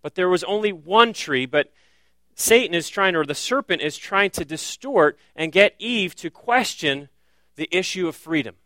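Bright-voiced male pastor preaching earnestly. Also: sits high, lively intonation, normal speed, dry recording. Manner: earnest preaching, piling up rhetorical questions. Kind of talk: sermon.

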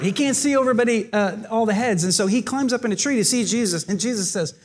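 A man's voice: high-pitched, fast, few pauses. A pastor preaching a sermon, telling the stories vividly and speaking directly to his congregation. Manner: animated, expressive storytelling with acted quotes.

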